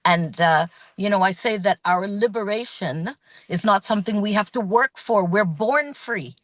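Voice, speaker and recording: A woman speaking as a guest in an earnest, measured, thoughtful way. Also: medium pitch, dry recording. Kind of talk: reflective talk.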